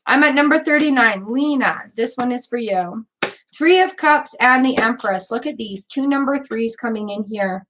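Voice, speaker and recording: A woman's voice: fairly high pitch, normal speed, fairly bright tone, slight background noise. A woman giving tarot card readings on a live stream, encouraging and chatty, repeating words and using fillers as she goes. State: hiccups. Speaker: tarot reader.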